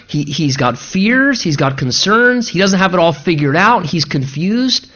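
A man's voice: high voice, fairly bright tone, highs cut off. A male pastor preaching a sermon in an earnest, emphatic way, repeating rhetorical questions to drive his points home.

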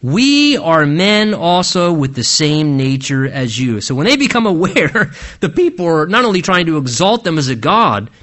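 Bright-voiced man preaching a sermon. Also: sing-song. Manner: swings between soaring emphasis and hushed low phrases; earnest and emphatic, with drawn-out slow stresses. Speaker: pastor.

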